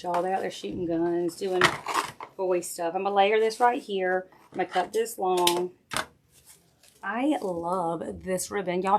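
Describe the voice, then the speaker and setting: A middle-aged woman, chatting casually with viewers while she demonstrates a craft project on a livestream. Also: mid-range voice. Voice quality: chatty, folksy, talks straight to viewers while working. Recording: faint background noise and clicks.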